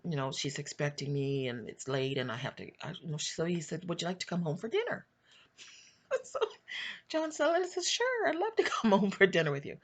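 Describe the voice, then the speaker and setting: A woman talking casually, telling a rambling family story and then reflecting on faith, with many restarts and bits of laughter. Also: lowish voice. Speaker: online video host.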